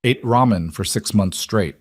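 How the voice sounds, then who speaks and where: A man's voice: lowish voice, measured pace, dry recording, studio quality. A man voicing a blunt, hardened young mafia man who speaks tersely and steadily. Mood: calm.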